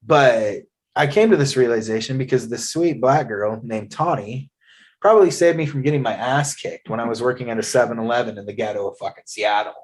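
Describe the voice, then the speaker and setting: Man in his thirties, middle pitch, blunt storyteller who swears freely, casual interview host. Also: brisk. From Eastern Oregon. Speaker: podcast host.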